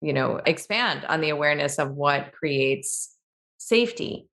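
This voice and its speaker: A woman hosts a podcast conversation in a lower register. She speaks reflectively, building her thoughts in measured phrases. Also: lively intonation, vocal fry, a bit bright. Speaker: podcast host.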